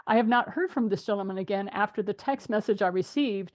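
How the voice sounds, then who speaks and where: A middle-aged woman hosts a relaxed group conversation. She tells animated, lively stories and often breaks into laughter. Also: medium pitch, fast talker, hardly any pauses. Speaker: host. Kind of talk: casual group chat.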